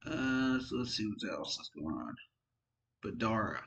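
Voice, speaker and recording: A man's voice: fairly low pitch, very animated, unhurried, a bit bright, muffled recording. A tired man giving casual, frank football commentary on his own channel, rambling and poking fun at himself. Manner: rambling, frank, self-deprecating. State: tired, yawning. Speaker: sports fan vlogger.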